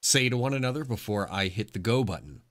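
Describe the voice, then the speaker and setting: A man's voice: fairly low pitch, quick pace. Casual male game master narrating. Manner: relaxed narration with casual filler.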